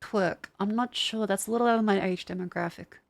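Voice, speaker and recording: A woman's voice: mid-range voice, a little fast, vocal fry. A young adult woman streamer chatting casually and rambling, with many fillers and some swearing, while testing tracking gear. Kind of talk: casual live-stream chat.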